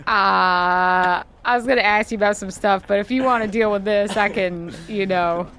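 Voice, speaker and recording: A woman's voice: medium pitch, moderate pace, fairly bright tone, clean tone. A woman playing a tabletop game with friends, chatting casually and laughing easily. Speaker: player. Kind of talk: casual chat.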